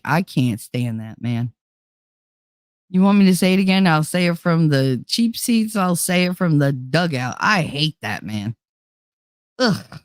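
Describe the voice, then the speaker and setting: A woman's voice: sits low, no echo, clean studio sound. Blunt, swearing woman livestream host. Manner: blunt and profane, reading chat aloud. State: tired, running on fumes. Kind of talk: casual livestream chat.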